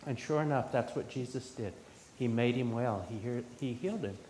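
A man's voice: medium pitch, normal speed, mellow. A man giving a children's sermon in church, questioning the children as he talks. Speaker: pastor. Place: church sanctuary. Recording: echoey church with faint room noise.

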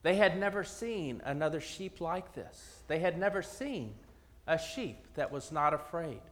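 A man telling a parable in a sermon, dramatic, with long pauses and swings from loud to hushed. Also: fairly high pitch, sing-song, long reverb tail.

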